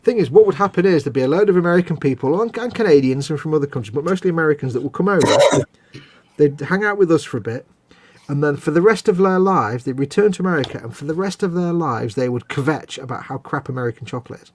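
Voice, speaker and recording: Fast-talking jokey man. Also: fairly high pitch. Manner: rambling, jokey, animated. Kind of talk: casual chat over gameplay.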